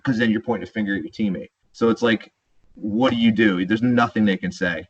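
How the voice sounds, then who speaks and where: A man with a low, husky voice chats casually about baseball on a podcast and slides into animated rants. The recording sounds dull and lo-fi. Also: brisk. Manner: animated, ranting, says "dude" and "bro". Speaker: podcast co-host. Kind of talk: casual sports chat.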